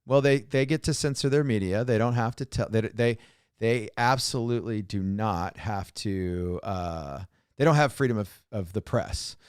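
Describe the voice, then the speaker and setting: A man co-hosting a casual podcast, his speech smooth and resonant. He rambles and repeats himself, with joking, sarcastic asides, and the studio sound is close and dry. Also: on the low side, moderate pace, darkish tone, no room sound. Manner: rambling, repeats words and restarts often. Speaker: podcast co-host. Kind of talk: casual chat.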